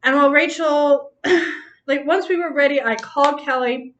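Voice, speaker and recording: A woman's voice: high voice, moderate pace, muffled recording, a little hiss or hum. A woman hosting a casual chat, telling a story with frequent laughter and free swearing. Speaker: host.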